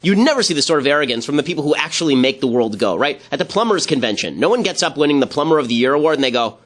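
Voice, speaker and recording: A man hosting political commentary, talking with sarcasm and quick mocking asides. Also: on the high side, expressive, fairly bright tone. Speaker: commentary host.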